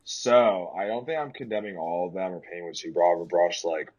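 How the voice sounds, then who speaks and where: A man's voice: a little fast, breathy edge, highs cut off. A young man in his twenties hosting a podcast, telling stories in casual chat. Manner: animated storyteller, leaps way up in pitch for quoted shrieks. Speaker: podcast host.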